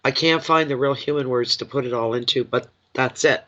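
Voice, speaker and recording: Brisk and medium-pitched, this man sounds pushed and bright as he chats through a live tarot reading. He has a cold and a runny nose, his reading rambles emotionally, and the stream audio is dull and lo-fi.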